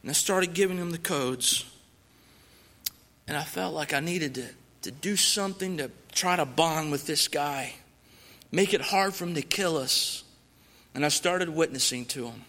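A man shares his testimony from the pulpit in an earnest, emphatic way. His voice is fairly high, bright and forceful. The church adds a long, lingering reverb. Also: unhurried. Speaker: missionary guest speaker. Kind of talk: sermon testimony. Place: church sanctuary.

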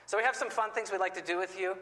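Bright-voiced joking man addressing a crowd. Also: high voice, steady tone, racing. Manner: playful, joking asides. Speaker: missionary presenter. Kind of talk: joking audience presentation. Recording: long hall reverb.

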